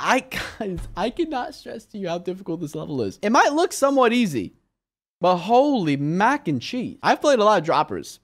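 A young man who makes video game content gives casual gameplay commentary in a fairly high voice. He's excitable and quick to break into shouts and exclamations.

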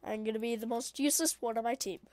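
Excitable high-voiced woman with voice cracks. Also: fast, dry recording. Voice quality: prone to voice cracks. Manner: excitable, shrieking and chattering at the game. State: sniffly. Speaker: gaming video creator. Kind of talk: gameplay commentary.

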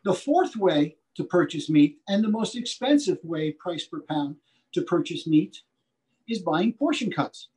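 A man's voice: sits high, expressive, unhurried, a little mellow, low-quality recording. A man giving a live butchery demonstration, folksy and repetitive, punching key points and checking in with "okay?". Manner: folksy, repeats himself, asks "okay?" often. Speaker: butcher instructor.

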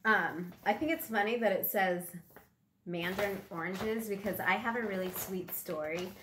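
Opening a pack on camera, a middle-aged vlogger rambles casually and finds things easily funny. She speaks at a normal speed in a slightly bright, medium-pitched voice, and there's a little hiss or hum along with roomy echo and faint background music.

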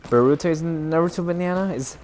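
A young man streaming a shooter game live, chattering excitably and teasing his chat. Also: brisk. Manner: excitable, yelps in sudden high bursts.

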